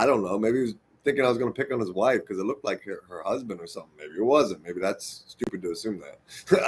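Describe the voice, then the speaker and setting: A man in the middle of an impassioned rant, his voice sitting at an ordinary pitch. He swears constantly, jumping from loud outbursts to low mutters as he lectures his viewers. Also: breathy edge. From United States. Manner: profane, heated ranting that swings between loud outbursts and muttered asides. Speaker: vlogger. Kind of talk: impassioned monologue to camera.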